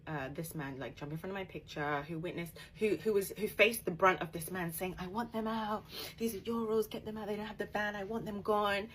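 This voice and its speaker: A young woman telling a story in a casual, animated way, dropping her voice to quote others. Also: low voice, slight background noise, poor audio. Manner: animated, laughing bursts, quoting others in a hushed voice.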